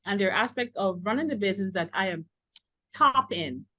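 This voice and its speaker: A woman answering interview questions in a frank, animated way, leaning hard on key words and now and then breaking into a laugh. Her voice sits at an ordinary middle pitch. The recording is close and dry, with almost no room sound. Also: fairly quick, dry recording, highs cut off. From Guyana. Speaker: business owner, interview guest. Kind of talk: earnest conversational interview answers.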